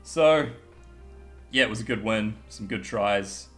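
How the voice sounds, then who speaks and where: A man's voice: on the low side, unhurried, faint music behind. A young man, giving blunt, casual rugby opinions with swearing and frequent laughs. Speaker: guest pundit.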